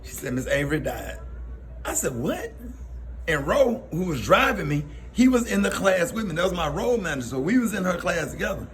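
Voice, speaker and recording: A radio host tells personal stories casually on air, laughing often and quoting voices. His voice sits high and fairly bright, with big pitch swings, and he talks fast with hardly any pauses.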